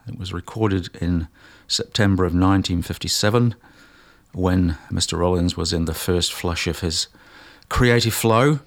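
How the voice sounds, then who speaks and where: A man hosting a jazz radio show, talking casually and unhurriedly between tracks with plenty of pauses and fillers. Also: deep voice.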